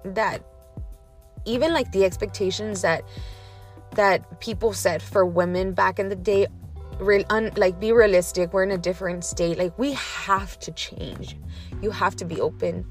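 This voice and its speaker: Over faint background music, a woman from Texas delivers a casual solo episode of her podcast in a medium-pitched voice with fairly even intonation and a measured pace. The talk is candid, emotional and a touch shaky, loosely sprinkled with fillers.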